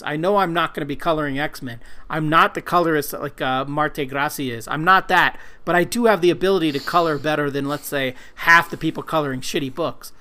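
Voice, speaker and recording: A man talks loosely on a podcast, rambling, cursing freely and running himself down. His voice sits a touch high for a man. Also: fairly bright tone. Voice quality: rambling, profane, self-deprecating. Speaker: podcast co-host, comic colorist. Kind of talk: casual podcast chat.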